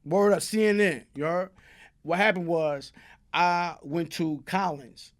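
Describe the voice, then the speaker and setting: A man from Brooklyn, speaking with a New York accent, spins a long, streetwise, profane story as a guest in an interview, using tag questions such as "you heard?" in casual storytelling. He speaks unhurriedly in a voice on the high side.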